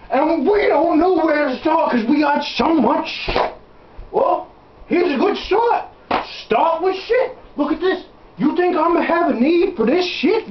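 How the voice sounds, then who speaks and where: In a comic home-video sketch shot indoors at home, a man with a very high-pitched voice plays a crude, blustering backwoods salesman who rambles and curses while hawking junk. The home camera audio is roomy and dull, with background noise.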